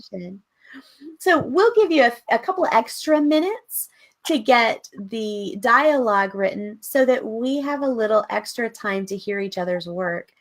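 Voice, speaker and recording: A woman's voice: a little high, lively intonation, moderate pace. A woman co-hosting a writing workshop who asks follow-up questions and encourages the participants. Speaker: workshop co-host. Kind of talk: casual teaching chat.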